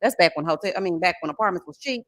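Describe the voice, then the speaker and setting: A woman in her forties chatting on a livestream, telling an animated, expressive story and thanking viewers. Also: lowish voice, racing, no room sound. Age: 40s. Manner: animated, expressive storytelling with chat shout-outs. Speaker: livestream host. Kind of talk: casual livestream chat and story time.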